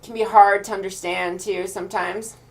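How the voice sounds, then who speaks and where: A woman's voice: mid-range voice, normal speed, vocal fry. A woman with a Pacific Northwest American accent, streaming and chatting casually with viewers as she answers their messages. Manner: relaxed, thinks aloud with restarts while reading chat.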